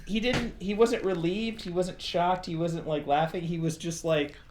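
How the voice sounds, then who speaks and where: A man's voice: high-pitched, fairly even intonation, normal speed, darkish tone. A man co-hosting a podcast, casually telling stories among friends and acting out their voices. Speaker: podcast co-host.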